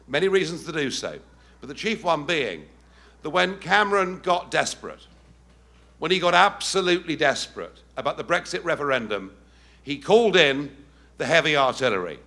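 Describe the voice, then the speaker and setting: A middle-aged man with an English accent giving a rousing, emphatic speech to a live audience in a packed event hall, with pointed pauses. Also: fairly high pitch, pushed and bright. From England. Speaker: political speaker.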